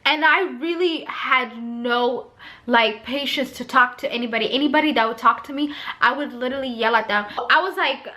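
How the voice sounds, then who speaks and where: Young woman vlogger, high and bright chatty storyteller who talks right to viewers. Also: moderate pace. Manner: chatty, addresses viewers as you guys. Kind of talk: casual storytelling to camera.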